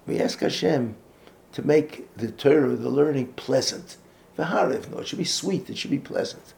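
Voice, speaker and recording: A man giving an earnest, halting talk on raising children in a religious community. He restarts often, sprinkles in Yiddish and Hebrew words, and drops almost to a whisper to stress a point. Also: medium pitch, creaky, a little mellow. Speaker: speaker on Jewish education. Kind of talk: informal talk or lecture.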